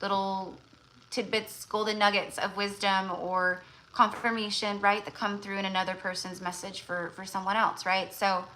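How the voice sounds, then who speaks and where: Bright-voiced woman hosting a tarot livestream. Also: mid-range voice, little pitch movement, normal speed, a little hiss or hum, rough recording. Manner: rambling, full of fillers and restarts. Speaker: tarot reader and livestream host. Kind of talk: casual livestream chat.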